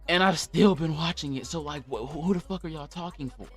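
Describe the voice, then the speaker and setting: A man's voice: on the high side, a little fast, faint music behind. Young man ranting on a livestream. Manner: rambling, profane, blunt ranting. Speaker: podcast host. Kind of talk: casual livestream podcast chat.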